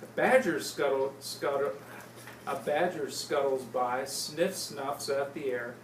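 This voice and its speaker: A woman slowly reading a picture book aloud to small children, playful and stopping to ask them questions. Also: rumbling low. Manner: slow, playful, asks the kids questions. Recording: roomy, distant, noisy home recording.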